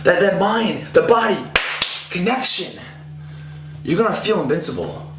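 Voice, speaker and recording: Man, 30s, fairly high voice, intense profane motivational rambler; echoey room, faint hum. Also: expressive, unhurried, over music. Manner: intense, profane and rambling, voice rising when fired up. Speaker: fitness motivator. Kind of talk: casual motivational talk.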